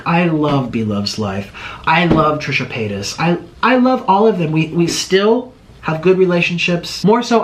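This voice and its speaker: Animated man rambling an apology. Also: a little high, a little hiss or hum. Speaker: online video creator. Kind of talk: casual apology monologue.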